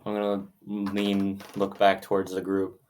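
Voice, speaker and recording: A man playing a tabletop game talks in a casual, low-key way. His voice is fairly low. He chats plainly with the others at the table. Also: monotone, a little slow, darkish tone. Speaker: player.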